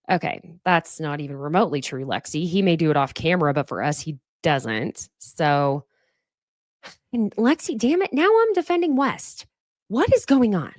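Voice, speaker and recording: A woman hosting a reality TV recap podcast, giving animated, sassy commentary with big jumps in pitch. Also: moderate pace, dry recording, clean studio sound. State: sniffly from allergies. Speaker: podcast host.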